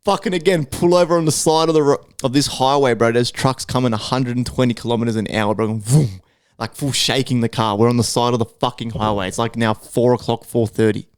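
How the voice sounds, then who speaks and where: Brief: Australian man, podcast co-host, clear smooth voice, swears freely while spinning a rambling yarn, close and dry sound. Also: mid-range voice, steady tone, brisk, dry recording. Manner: profane, rambling anecdote full of acted-out quotes. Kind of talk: casual storytelling chat.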